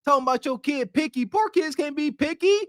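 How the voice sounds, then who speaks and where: A man's voice: very high-pitched, expressive, fairly quick, no room sound, clean studio sound. A man co-hosting a podcast, giving blunt, slangy, preachy commentary. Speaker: podcast co-host.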